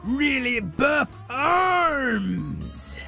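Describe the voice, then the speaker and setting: A man voicing a boastful, muscle-proud male detective who shouts and brags in a gravelly voice. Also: high voice, huge pitch swings, slow pace, faint music behind, full character voice.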